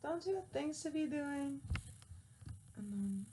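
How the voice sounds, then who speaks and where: A woman's voice: sits high, animated, slow, dark tone, a little hiss or hum. A woman chatting casually to her viewers, laughing often and scolding her cat, with frequent swearing. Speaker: vlogger. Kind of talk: casual chat to camera.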